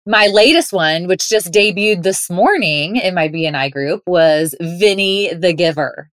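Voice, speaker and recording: A woman's voice: on the low side, expressive, normal speed, few pauses, fairly bright tone, dry recording, studio quality. A woman guest on a podcast interview, talking in an upbeat, playful way. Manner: upbeat, playful, laughs often. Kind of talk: interview, conversational.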